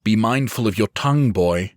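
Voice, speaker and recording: A man's voice: fairly low pitch, expressive, moderate pace, darkish tone, dry recording, clean studio sound, pitched above the performer's own voice, natural voice. A man doing a commanding arrogant official. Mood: stern. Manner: commanding, barking orders. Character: arrogant, forceful male official turned outlaw.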